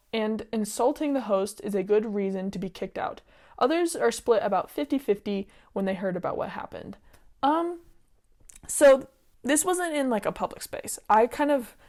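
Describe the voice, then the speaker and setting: A woman's voice: mid-range voice, a little mellow. A young woman casually reading online stories aloud and giving her opinions on them. She talks in a chatty, opinionated way with lots of "like" and "um", and she gets sidetracked easily.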